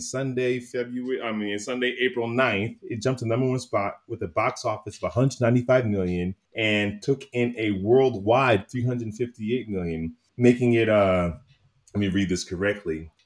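A man hosting a podcast in casual chat, animated and opinionated, laughing often. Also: mid-range voice, moderate pace. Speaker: podcast host.

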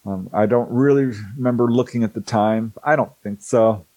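A middle-aged man, a guest in an interview, telling a personal story in a casual, animated way and acting out the dialogue as he goes. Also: medium pitch, normal speed, dry recording, poor audio. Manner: hesitant restarts and fillers.

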